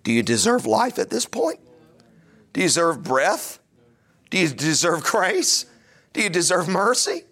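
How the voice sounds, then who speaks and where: A man's voice: sits high, sing-song, measured pace, pauses often, bright, forceful tone. A middle-aged man preaching a sermon, emphatic and full of rhetorical questions. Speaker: pastor.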